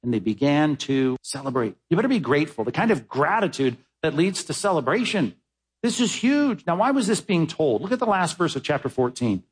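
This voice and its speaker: Husky-voiced pastor guy preaching, kinda high voice, jumps loud then goes quiet. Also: sing-song, fairly quick, rough recording. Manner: dramatic swings from high emphatic bursts to low hushed lines. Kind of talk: sermon.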